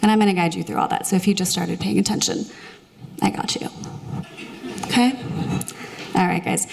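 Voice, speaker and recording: A woman leading a live audience in guided meditation, joking with them before moving into slow, soothing instructions. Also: on the low side, fairly even intonation, gravelly, darkish tone, slight background noise. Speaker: meditation teacher. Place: live show venue with audience. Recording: long hall reverb.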